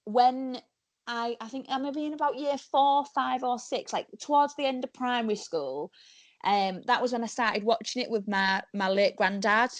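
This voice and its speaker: A woman in her twenties speaks with a Hull accent in a relaxed podcast chat. Her voice sits a little high, and she tells her stories with energy, acting out the quoted voices as she goes. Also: moderate pace, no room sound. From Hull, England. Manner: animated storyteller who acts out quotes. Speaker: guest, professional wrestler.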